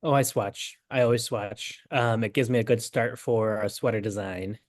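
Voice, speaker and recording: A young adult man, a knitting designer telling an animated story in a casual interview, acting out the quotes. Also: lowish voice, normal speed, no room sound, clean studio sound. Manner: animated, acts out quotes with lots of "I'm like".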